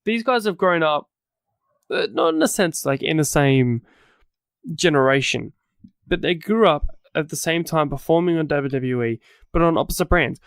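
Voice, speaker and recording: A man's voice: on the high side, expressive, moderate pace, clear, resonant tone, no room sound, clean studio sound. A man with an Australian accent co-hosting a podcast, recapping in a casual, rambling way and correcting himself as he goes. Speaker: podcast co-host. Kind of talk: casual wrestling recap chat.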